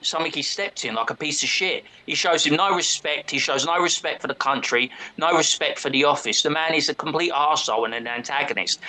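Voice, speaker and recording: A man's voice: fairly high pitch, pushed and bright, a little hiss or hum, poor audio. An English man, a guest on a casual podcast discussion, talking in a blunt, profane, ranting way. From England.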